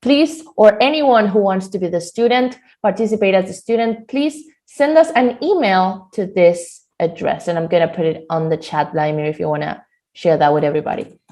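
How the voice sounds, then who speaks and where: A woman teaching a live online Spanish lesson on a video call, lively and quick to laugh. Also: medium pitch.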